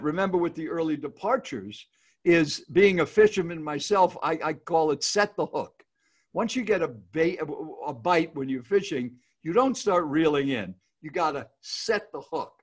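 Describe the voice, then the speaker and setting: Upbeat man coaching on a video call. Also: on the high side. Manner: upbeat, instructive, repeats key points. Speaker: speaking coach guest. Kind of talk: casual advice on a video call.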